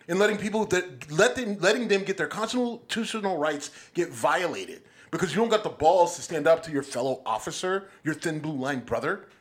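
A man's voice: a little high, animated, a little fast, hardly any pauses. Blunt, profane man venting in a chat. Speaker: podcast co-host. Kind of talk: casual chat. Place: studio.

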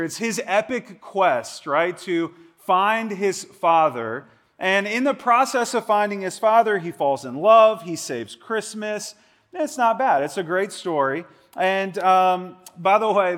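Brief: male pastor, 40s, chatty sermon delivery, slightly higher-pitched voice, animated asides. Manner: conversational, animated, quick asides.

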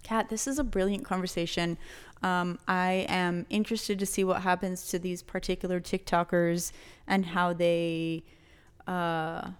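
A woman's voice: lowish voice, level tone, a little slow, clean tone. A young woman co-hosting a podcast, talking with passion and emphasis, swearing freely and mixing in Spanish words. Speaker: podcast co-host. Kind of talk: casual podcast chat.

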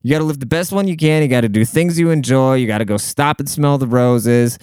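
A man's voice: mid-range voice, brisk, darkish tone, clear, resonant tone, no room sound. A man in his late twenties rambling in a casual, profane, slangy monologue.

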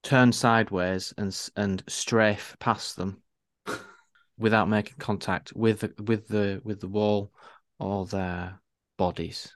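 A man, co-hosting a casual podcast and telling wry anecdotes with animated emphasis. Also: fairly low pitch, slow pace, no echo, studio quality. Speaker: podcast co-host.

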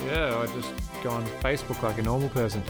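An Australian man trading dry, deadpan jokes in casual banter. His delivery is flat and wry, and music plays clearly behind him. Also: mid-range voice, fast. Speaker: podcast player.

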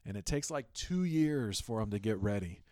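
Hosting a sports podcast at a normal pace, this man speaks on the low side and tells stories with animated energy while giving casual, emphatic commentary. The recording is clean studio audio without any room sound.

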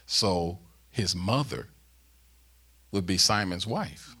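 A middle-aged man preaching a sermon, with emphatic rising bursts that ease into a soft closing prayer. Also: low-pitched, takes it slowly, husky. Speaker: guest preacher.

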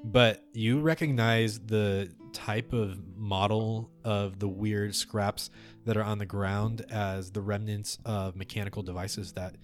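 A man narrating as game master in a measured, descriptive way. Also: on the low side, steady tone, faint music behind.

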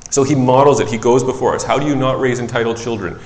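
Conversational preacher in an echoey hall. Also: male voice, medium pitch, quick pace. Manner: conversational, self-correcting, animated storytelling. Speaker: preacher and child psychologist. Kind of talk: sermon. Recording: echoey hall with long reverb.

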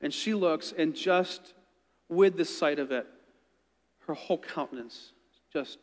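A man telling a story in an earnest, conversational sermon, dropping quiet when he quotes others. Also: on the high side, unhurried, big-room sound.

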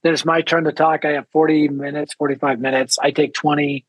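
A man telling a lively story as a guest speaker in an interview. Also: on the high side, slightly rough, no echo, rough recording. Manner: energetic storyteller, quick and lively. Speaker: ministry founder and guest speaker.

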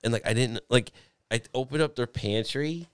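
A man's voice: mid-range voice, normal speed, clean tone, no echo, clean studio sound. A young man casually telling a long story on a podcast, rambling and profane, with lots of "like".

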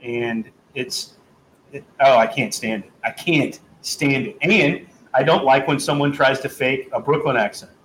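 Guy from north carolina riffing on movies, animated, bit of room echo and faint hum. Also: mid-range voice, a little slow. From American South, North Carolina. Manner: animated, emphatic, repeats himself. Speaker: podcast co-host. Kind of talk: casual chat. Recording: roomy with faint ambience.

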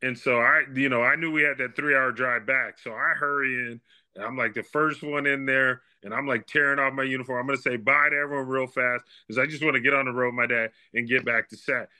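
Guest, man in his fifties, sharp and bright tone, chatty animated storyteller. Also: mid-range voice, brisk, clean tone. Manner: animated storyteller, acts out quoted dialogue. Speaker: guest, baseball scout and former player. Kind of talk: casual storytelling interview.

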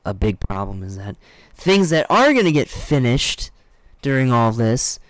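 A man's voice: medium pitch, unhurried, no echo. A young man co-hosting a podcast, talking casually and rambling through fillers. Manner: rambling, relaxed, trails off into fillers. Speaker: podcast co-host. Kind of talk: casual chat.

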